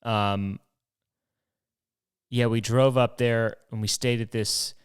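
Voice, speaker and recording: Young male host, smooth clear voice, casual rambling monologue with profanity and self-mockery. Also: medium pitch, steady tone, slow pace. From New York. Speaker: podcast host.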